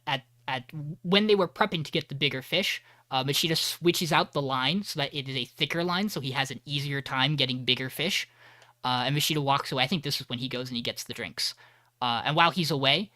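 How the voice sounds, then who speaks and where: Podcast guy retelling an episode, bright voice, acts out the lines, dry close mic. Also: a little high, no echo. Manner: animated retelling that acts out the characters' lines, frequent restarts and swearing. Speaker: podcast co-host. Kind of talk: casual recap of an anime episode.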